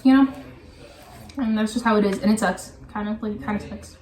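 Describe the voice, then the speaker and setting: A young woman guest in a casual chat, relaxed and full of fillers, often trailing off softly. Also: medium pitch, brisk. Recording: echoey room, mic a bit far, faint hiss.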